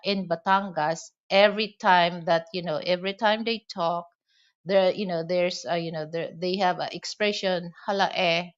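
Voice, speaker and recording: Slow-talking Filipino woman, lo-fi. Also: fairly low pitch. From Philippines. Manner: rambling, many "you know" fillers. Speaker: vlogger. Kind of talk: casual monologue.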